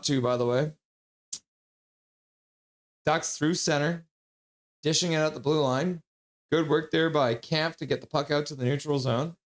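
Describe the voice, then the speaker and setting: Calling a hockey game live on his stream, this man is quick to get worked up and doesn't soften his verdicts. He's a fan doing play-by-play, with a somewhat higher-than-average male voice, drifting comfortably between game commentary and loose talk with chat.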